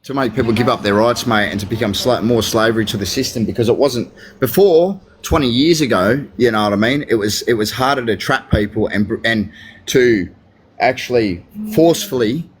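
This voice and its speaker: A man's voice: medium pitch, fairly quick. An Australian man chatting casually as host, full of slang, calling people "mate" and asking "you know what I mean". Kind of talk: casual chat.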